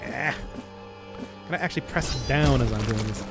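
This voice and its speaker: A man's voice: mid-range voice, moderate pace, long pauses. A man with a Midwestern accent giving casual, self-mocking commentary while streaming a game. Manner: rambling, self-mocking, lots of fillers and restarts. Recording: music playing behind.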